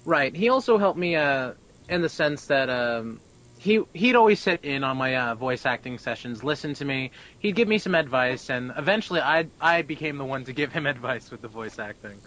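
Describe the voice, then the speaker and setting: In a casual interview, a young man who voices characters in an abridged series talks about his voice acting, chatty and brash, laughing and swearing freely. His medium-pitched voice is animated and fairly bright, at a normal speed.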